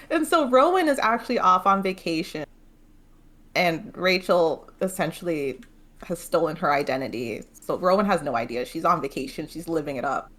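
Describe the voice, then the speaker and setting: Low-voiced woman chatting casually about a book. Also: animated, moderate pace, a bit bright. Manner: chatty, laughs often, swears freely. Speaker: book club host. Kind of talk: casual book club chat.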